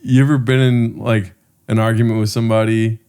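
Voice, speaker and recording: A man's voice: on the low side, little pitch movement, fairly quick, warm tone, clear, resonant tone. A man co-hosting a casual comedy podcast, asking teasing questions in a dry way. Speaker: podcast co-host.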